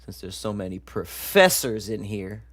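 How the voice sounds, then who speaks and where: A man's voice: lowish voice, very animated, moderate pace, fairly bright tone, no echo. A man hosting a casual live stream, joking with chat and stumbling over long science words as he reads them aloud. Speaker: livestream show host.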